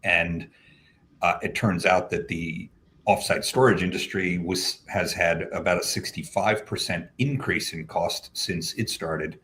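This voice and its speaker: A man with a very low, deep voice and an American accent speaks on a video call. He is a company founder who is a guest on a live chat. He explains things in an upbeat, joking way. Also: steady tone, unhurried, fairly bright tone, a little hiss or hum. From Australia. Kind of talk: casual livestream chat. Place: home, at night.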